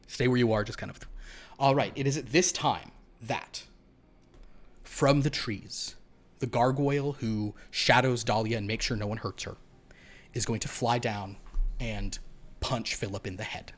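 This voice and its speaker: A man at a middle pitch, narrating a horror tabletop game as game master. His delivery rambles, with many fillers and restarts. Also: steady tone, unhurried.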